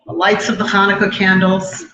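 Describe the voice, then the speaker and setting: Middle-aged woman, measured emotional testimony on a dull, noisy live recording. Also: medium pitch, little pitch movement. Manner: measured, emotional storytelling with pauses. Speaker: speaker at a memorial event. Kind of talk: personal testimony speech. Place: live event hall. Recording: echoey hall, dull sound, noisy.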